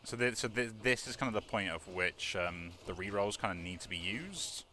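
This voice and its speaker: A man's voice: on the low side, expressive, normal speed, sharp tone, slight background noise. A young man giving casual, rambling commentary while playing a video game, chuckling and using lots of fillers. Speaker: let's play gamer.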